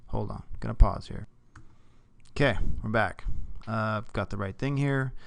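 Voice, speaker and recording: A man teaching a casual screen-recorded software tutorial, talking through each click and checking in with "okay?". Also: fairly low pitch, unhurried, vocal fry, dry recording.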